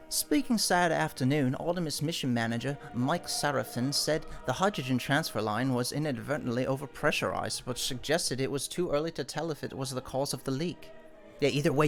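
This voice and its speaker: A man's voice: medium pitch, vocal fry. A man live-streaming, reading news articles aloud and breaking off into irritated, swearing asides. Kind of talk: ranting news commentary.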